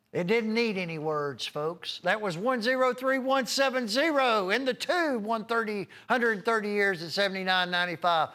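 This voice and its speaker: This live televised sales pitch comes from a man hosting a home shopping broadcast, reeling off prices and item numbers in a rambling, folksy chat. His high voice sounds pushed and bright.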